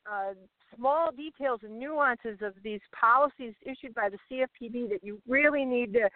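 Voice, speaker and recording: A woman's voice: a little high, normal speed, dry recording. A woman calling in from a car by the roadside, explaining rules with frequent fillers and restarts. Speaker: regular guest on mortgage industry show. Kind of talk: casual update by phone. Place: car pulled over by a rural road. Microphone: cell phone. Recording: tinny phone line.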